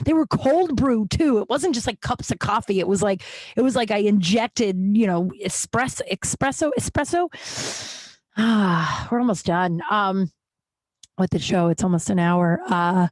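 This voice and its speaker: A woman in her thirties hosting a podcast, telling stories in a rambling, animated way, jittery and over-caffeinated. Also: mid-range voice, normal speed, no room sound. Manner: rambling, animated, full of restarts and asides. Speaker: podcast host. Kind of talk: casual storytelling monologue.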